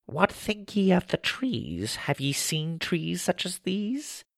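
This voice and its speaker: A man voicing a small, mossy, riddling forest gnome who speaks in rhymes with twisted word order, in a nasal, gravelly voice. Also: high voice, big pitch swings, slow, no room sound, studio quality, pitched above the performer's own voice, heavily acted. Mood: lecturing. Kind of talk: storybook character voice.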